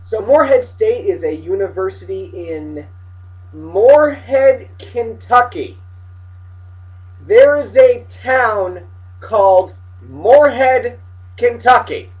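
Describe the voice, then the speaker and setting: A man delivering a comedic, profane rant to camera, swinging between shouting and muttering. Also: high-pitched, animated, takes it slowly, far from the mic, dull audio. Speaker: vlogger ranting about college basketball.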